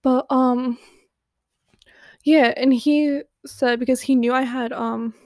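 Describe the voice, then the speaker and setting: A woman's voice: sits high, fairly even intonation, slow pace, a little mellow, dry recording, studio quality. A teenage girl telling a story in a candid, profane, chatty way, full of "like". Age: teens. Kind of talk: casual storytelling.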